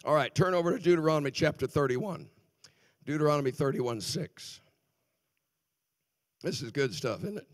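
An older male guest minister preaching a sermon in a church, swinging between loud exclamations and quiet asides. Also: a little high, expressive, moderate pace, pauses often, dry recording. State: voice sounding off. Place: church sanctuary.

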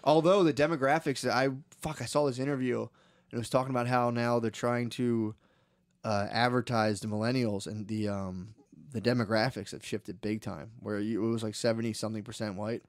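A man's voice: mid-range voice, fairly even intonation, a little fast, no room sound, studio quality. A man co-hosting a casual podcast, rambling and swearing and calling his co-host "dude.". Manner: rambling, profane, says "dude" a lot.

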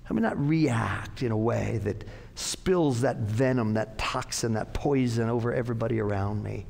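A man's voice: medium pitch, normal speed, gravelly, hardly any pauses, a little mellow. A man pastor giving an earnest, conversational sermon in a church, repeating his phrases for emphasis. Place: church sanctuary. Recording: long church-hall reverb.

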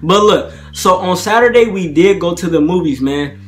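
Chatty young man, fairly high voice. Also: expressive, moderate pace, fairly bright tone. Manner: chatty, slangy, keeps asking "you feel me". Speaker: prank vlogger. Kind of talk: casual talk to camera.

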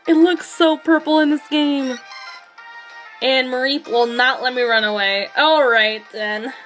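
A woman streaming a game live, excited and rambling, her voice shaky with excitement as she reacts. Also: high-pitched, measured pace. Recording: faint music behind.

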